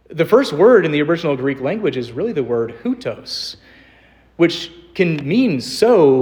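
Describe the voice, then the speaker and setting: A man's voice: on the high side, big pitch swings, a little mellow. Earnest young man preaching. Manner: earnest, varied emphasis, slows on quoted scripture. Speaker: pastor. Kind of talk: sermon. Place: church sanctuary.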